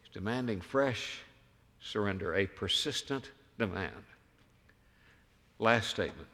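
Forceful preacher in a reverberant church. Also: male voice, on the low side, expressive, unhurried. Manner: emphatic, rhetorical questions, swings from hushed to loud. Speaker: pastor. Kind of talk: sermon. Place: church sanctuary.

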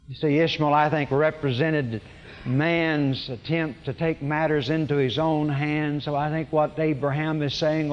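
A man delivers a sermon in a conversational, storytelling way. His voice sits a little high, and he often restarts his phrases with a touch of wry humor. Long reverb trails after his words. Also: steady tone, measured pace, dull audio. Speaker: pastor.

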